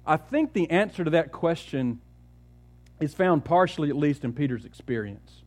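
Male pastor, slightly high voice, animated sermon storytelling, rhetorical questions. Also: moderate pace.

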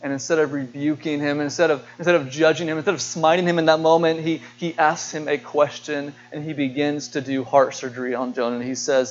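This pastor's voice sits on the high side, steady in tone and brisk, with barely a pause as he delivers an earnest sermon to his church. He asks the congregation questions and frequently repeats words, captured in a dull, lo-fi recording.

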